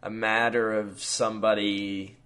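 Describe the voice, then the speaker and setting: A man's voice: on the low side, level tone, a little slow, bright, forceful tone. A man hosting a podcast, talking casually with frequent fillers and chuckles, then reading his own story aloud. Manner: laid-back, chuckling, many fillers. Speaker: podcast host.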